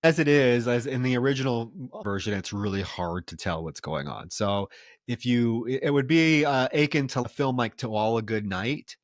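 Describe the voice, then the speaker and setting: A man's voice: mid-range voice, moderate pace, no echo, studio quality. A man co-hosting a film podcast, retelling plot scenes in casual chat. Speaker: podcast co-host.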